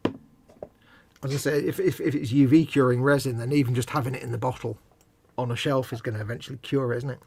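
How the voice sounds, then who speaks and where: A man's voice: medium pitch, fairly even intonation, fast, gravelly, a little mellow, slight background noise. A man co-hosting a live hobby stream, joking around and reading out viewer questions. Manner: jokey, breaks into silly singing. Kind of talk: casual banter while painting models.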